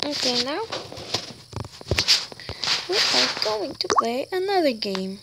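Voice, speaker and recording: A female gaming channel host giving excitable, chatty gameplay commentary, often breaking into exclamations. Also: high-pitched, slow pace, creaky, over loud music.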